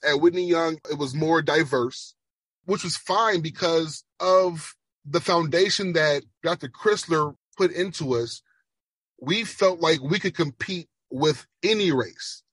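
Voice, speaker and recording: Husky Chicago man with a Jamaican lilt. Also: a little high, a bit bright, dry recording. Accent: Jamaican-influenced Chicago. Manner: emphatic, measured, slows for emphasis. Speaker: speech language pathologist guest. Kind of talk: earnest interview answers.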